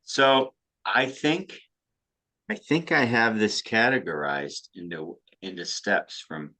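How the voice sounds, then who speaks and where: A man who coaches high school softball, co-hosting a casual podcast chat, often restarting his sentences. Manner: halting, repeats words when starting sentences.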